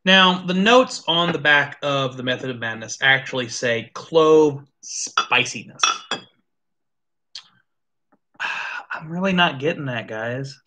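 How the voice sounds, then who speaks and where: Brief: lively tasting-show host, bright tone, offhand swearing, thinks out loud. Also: medium pitch, slow, pauses often. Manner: animated, swears casually, thinks aloud. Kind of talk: casual live tasting chat.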